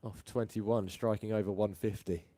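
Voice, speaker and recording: A man from England doing live ball-by-ball cricket commentary, chatty and quick to laugh between deliveries. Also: fairly low pitch, fairly even intonation, dark tone, no room sound.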